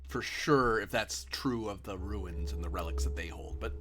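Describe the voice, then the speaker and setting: A man running a tabletop role-playing game as game master, moving between hushed whispers and lively narration. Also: lowish voice, normal speed.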